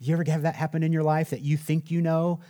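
A male pastor delivering a sermon in a relaxed, conversational way. His voice sits a little on the high side. He keeps checking in with listeners and adds touches of humor. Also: fast talker. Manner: conversational, asks the audience "right?", jokes.

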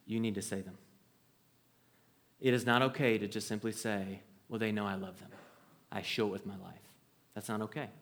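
A man's voice: on the low side, steady tone, normal speed, pauses often, a bit bright. A man in his thirties preaching a sermon to a congregation, earnest and conversational, with frequent restarts. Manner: earnest, storytelling with acted quotes, conversational restarts. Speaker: pastor.

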